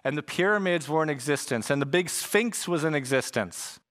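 A man's voice: on the high side, lively intonation, moderate pace, fairly bright tone. A man preaching a sermon in a casual, conversational way, full of slang and asides. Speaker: pastor.

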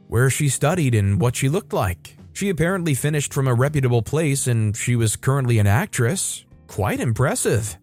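A man tells a first-person story in a steady, even-pitched narration, now and then lifting his voice for the women he quotes. Soft music plays quietly under him throughout. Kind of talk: scripted narration of a reader story. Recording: soft music bed behind. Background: faint background music.

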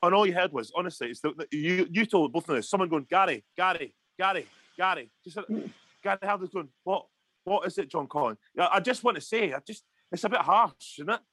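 A man's voice: high voice, animated, fast talker, bright, forceful tone, no echo. A Scottish man ranting heatedly in a casual podcast chat, swearing often. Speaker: podcast co-host.

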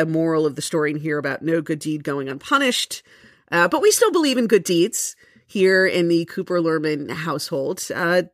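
A middle-aged woman from Miami hosting a podcast interview, chatty and quick to laugh at herself. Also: fairly low pitch, no room sound, clean studio sound. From Miami, Florida. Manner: chatty, laughs often, self-deprecating. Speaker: podcast host.

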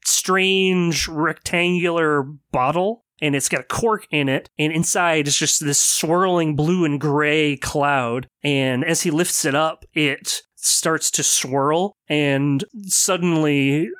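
A man's voice: a little high, fairly even intonation, slow pace, hardly any pauses, a bit bright, clear, resonant tone, no room sound, clean studio sound. A man narrating a tabletop game as game master, laid-back with frequent fillers.

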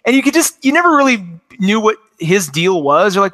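A man in his forties chats enthusiastically and casually about cartoons, rambling with plenty of fillers. His high-sitting voice is animated, bright, and forceful, and he talks fast.

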